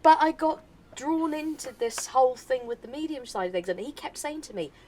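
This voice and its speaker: A woman's voice: high-pitched, brisk, darkish tone, slight background noise, rough recording. Chatty woman telling a story as a guest. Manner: chatty storytelling, repeats phrases. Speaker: podcast guest, medium. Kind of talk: casual conversation.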